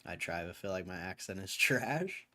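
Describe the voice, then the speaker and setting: A man's voice: deep voice, animated, normal speed, bright, forceful tone. A man hosting a livestream, chatting casually in a laid-back way with loose slang and frequent chuckles. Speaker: livestream host.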